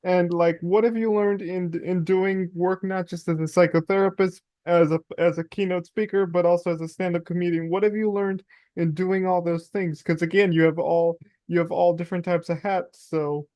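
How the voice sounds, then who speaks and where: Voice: mid-range voice, steady tone, normal speed, dark tone, no echo, highs cut off. A podcast interviewer asking open questions in a casual, somewhat hesitant way. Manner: hesitant, searching questions with fillers.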